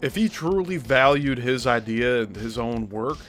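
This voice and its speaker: A man's voice: mid-range voice, expressive, a little slow, a bit bright, faint music behind. A male host giving critical commentary on a played clip, explaining his points step by step.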